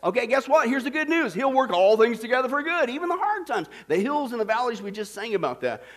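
Man, pastor, very high voice, lively sermon, laughing, asks the crowd questions. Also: fast. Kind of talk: sermon with a joke.

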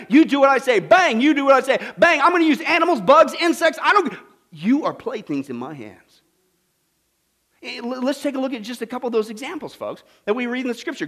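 A man preaching a sermon, animated and folksy, with acted-out voices and asides to the congregation. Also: extremely high pitch. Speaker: pastor.

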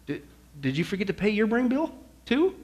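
A man's voice: high voice, very animated, a little fast, a little mellow. A male pastor preaching a sermon in a church, folksy and joking, with shifting emphasis.

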